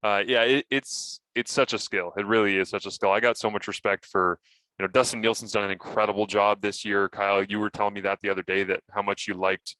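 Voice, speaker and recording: Low-voiced man telling sports podcast stories. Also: a little fast, no room sound. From Canada. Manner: animated storytelling, acts out his own broadcast lines. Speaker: podcast co-host and broadcaster. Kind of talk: casual sports podcast chat.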